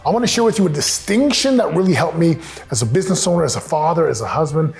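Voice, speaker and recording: A man's voice: a little high, lively intonation, fast talker, creaky, darkish tone, soft background music. Earnest man giving family advice. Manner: earnest, emphatic, with acted-out quotes. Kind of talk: motivational talk.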